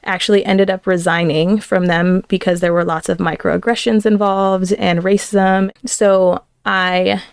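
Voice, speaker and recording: A woman in her thirties tells a personal story on her podcast in a chatty, animated way. Her voice is smooth with a gravelly edge of fry. The recording is dry and close. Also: mid-range voice, unhurried, few pauses, no room sound. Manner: chatty, animated retelling with quoted voices and laughs. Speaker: podcast host.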